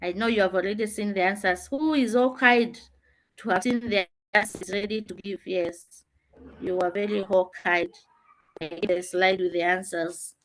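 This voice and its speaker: A woman's voice: medium pitch, moderate pace, a bit bright. A woman teacher giving an online revision lesson, explaining rules and calling on students with questions.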